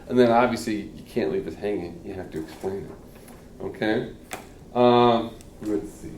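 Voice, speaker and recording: A man's voice: on the low side, moderate pace, darkish tone. A middle-aged man teaching a class on giving speeches, chatty and casual, checking in with "okay?" and acting out the audience's reactions. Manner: conversational, peppered with "okay?" checks and acted-out reactions. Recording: roomy classroom audio from a distant mic, faint room noise.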